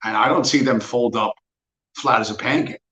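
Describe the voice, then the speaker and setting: A man's voice: medium pitch, moderate pace, bright, forceful tone. A man in his fifties hosting a livestream, talking in a blunt, profane, mocking rant. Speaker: livestream host. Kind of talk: casual ranting monologue. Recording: roomy, dull lo-fi sound.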